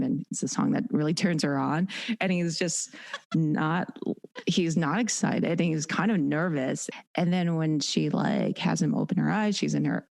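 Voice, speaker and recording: A woman with a deep, gravelly and warm voice talks as an interview guest. She is animated and keeps slipping into quoted voices. The room sounds dry and close. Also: normal speed, no echo. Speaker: dominatrix and educator guest. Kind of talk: casual podcast interview.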